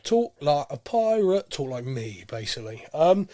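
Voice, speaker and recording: A man's voice: fairly high pitch, very animated, moderate pace, dark tone, no room sound, clean studio sound. A man hosting a podcast, chatting casually and a little nasal from a cold. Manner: chatty, rambling with fillers. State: head cold, a bit nasal. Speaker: podcast host. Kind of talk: casual chat.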